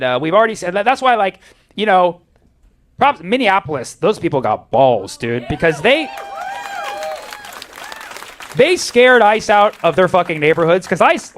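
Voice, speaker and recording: A man's voice: high-pitched, fairly bright tone. Profane, riffing stand-up comedian, a man. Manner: profane, riffing, acts out voices. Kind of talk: stand-up set.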